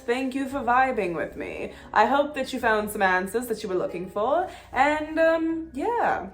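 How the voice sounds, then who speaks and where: A young woman vlogging to camera in a casual, excitable way, full of slang, swearing and "like". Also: fairly high pitch, a little slow, hardly any pauses. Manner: excitable, slangy and profane, with frequent "like" fillers. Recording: faint music behind.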